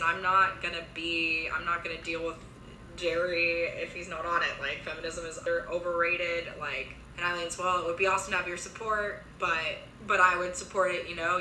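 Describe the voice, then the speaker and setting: A young woman casually recapping a TV series, chatty, with quick asides and lots of filler words. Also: lowish voice, pushed and bright, roomy sound, a little hiss or hum, low-quality recording.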